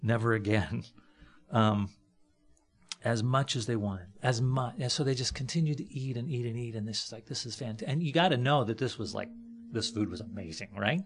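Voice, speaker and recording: A man's voice: medium pitch, normal speed. A man preaching a conversational sermon from a church platform, folksy, with joking asides and frequent fillers.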